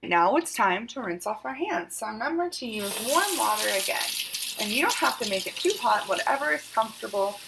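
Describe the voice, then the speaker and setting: A woman librarian hosting a virtual story time, reading a picture book to young children in a gentle, instructive way. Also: a little high, sing-song, a little fast, gravelly, heavy background noise.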